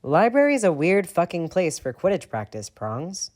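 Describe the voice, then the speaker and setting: A man's voice: fairly high pitch, very animated, normal speed, a little mellow, pitched above the performer's own voice. A man voicing an angry teenage boy wizard who swears in heated outbursts.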